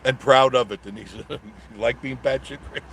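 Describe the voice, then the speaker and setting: A man's voice: medium pitch, normal speed, a bit bright, slight background noise. A middle-aged man hosting a casual live stream, reading viewer comments aloud and rambling through jokey banter with frequent chuckles.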